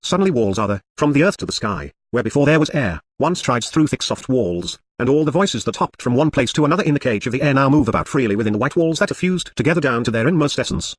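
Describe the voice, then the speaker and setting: A male audiobook narrator reads a literary novel at a fast clip. His voice is husky, and the recording is dry and close with no room sound. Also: medium pitch, animated, no echo. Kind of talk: scripted narration.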